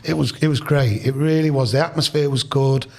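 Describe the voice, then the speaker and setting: A man's voice: medium pitch, fairly even intonation, fairly quick, a little mellow. A man in his sixties with a Leicester accent, a podcast guest telling rambling anecdotes in casual chat. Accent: Leicester English. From Leicester, England. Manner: rambling, anecdotal, full of restarts and quoted dialogue.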